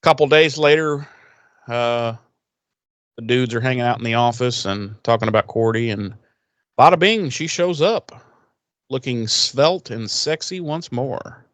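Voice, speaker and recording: A man co-hosting a podcast, casually recapping an episode with lots of swearing and quick acted-out quotes. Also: medium pitch, dry recording. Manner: profane, animated retelling with voiced quotes. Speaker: podcast co-host.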